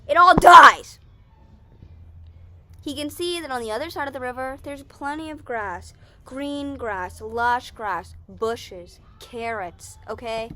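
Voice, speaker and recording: A woman's voice: on the high side, measured pace. A young woman casually chatting in a Q&A vlog, rambling and self-correcting as she talks. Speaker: vlogger.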